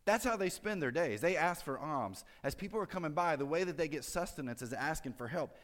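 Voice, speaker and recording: A man's voice: on the high side, expressive, brisk, hardly any pauses, fairly bright tone. A man preaching a sermon in a church, explaining scripture in a conversational way, with fillers and joking asides. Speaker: pastor. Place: church sanctuary. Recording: long hall reverb.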